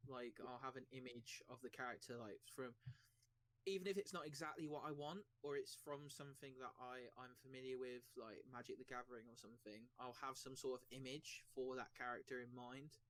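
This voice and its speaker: A man's voice: mid-range voice, steady tone, brisk, fairly bright tone. A man who is a guest on a casual panel chat, talking hesitantly and self-deprecatingly about his own game-running. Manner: hesitant, many fillers and restarts, self-deprecating.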